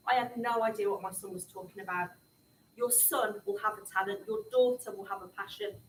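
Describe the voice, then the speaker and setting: A woman's voice: medium pitch, steady tone, fairly quick, a little hiss or hum. A middle-aged woman telling her story to young people in an impassioned public talk. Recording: echoey room, speaker far from the mic.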